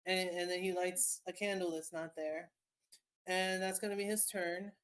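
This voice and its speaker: A woman's voice: lowish voice, steady tone, normal speed. A woman acting as game master, narrating a tabletop game in a rambling way with many restarts. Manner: rambling, lots of fillers and restarts.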